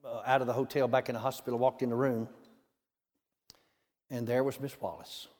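A man's voice: medium pitch, little pitch movement, a little fast, a little mellow. A man telling a minister's testimony in a folksy way, with many "you know" asides. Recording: long hall reverb.

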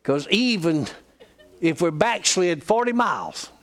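A man's voice: high-pitched, sing-song, measured pace. A middle-aged man from Georgia with a Southern accent, preaching a sermon with folksy, humorous storytelling. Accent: Southern American. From Georgia, USA. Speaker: pastor.

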